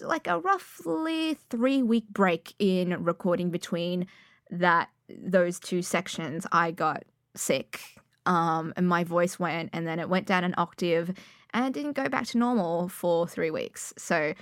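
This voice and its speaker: Chatty young woman, low dry voice. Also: no echo. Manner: rambling, self-deprecating, chatty with many fillers. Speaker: podfic reader. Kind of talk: casual chat.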